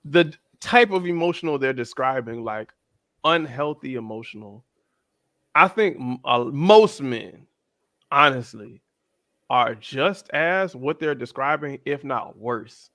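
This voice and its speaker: A man in his thirties co-hosting a podcast, speaking in an animated, slangy chat. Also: slow, no room sound, clean studio sound. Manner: animated, slangy, jumps into high-pitched voices when quoting others. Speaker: podcast co-host. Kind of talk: casual chat.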